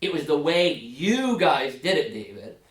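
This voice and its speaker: A man pastor teaching a Sunday school Bible study, animated, acting out biblical characters in quick asides. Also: a little high. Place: church classroom. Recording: echoey room, mic at a distance.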